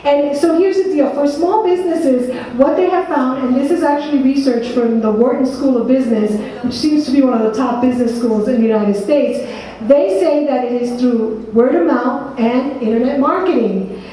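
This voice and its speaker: A New Jersey woman with a high, mellow voice and the local accent runs an interactive workshop seminar at a moderate pace, quizzing audience members by name. She's recorded from a distance in an echoey meeting room, with slight background noise.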